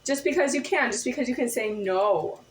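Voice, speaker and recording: High bright woman, echoey room. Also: moderate pace. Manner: insistent, repetitive rhetorical questions. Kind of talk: confrontational monologue to camera.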